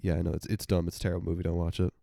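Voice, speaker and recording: A young man co-hosting a podcast, chatting in a dry, deadpan way and coughing now and then. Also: deep voice, rapid-fire, vocal fry, no room sound. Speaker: podcast co-host. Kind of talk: casual chat.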